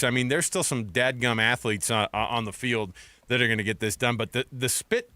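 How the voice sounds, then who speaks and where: A man's voice: medium pitch, fairly quick, pushed and bright, dry recording. A man hosting a sports radio show, talking enthusiastically and rambling, with frequent restarts, into a studio microphone. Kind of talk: casual sports radio chat.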